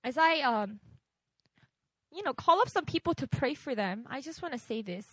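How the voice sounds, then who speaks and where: Woman preacher, high bright voice, very animated delivery, frequent "right?" asides. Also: moderate pace, no room sound, clean studio sound. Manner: acts out voices in her illustrations. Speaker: retreat speaker. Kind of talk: sermon.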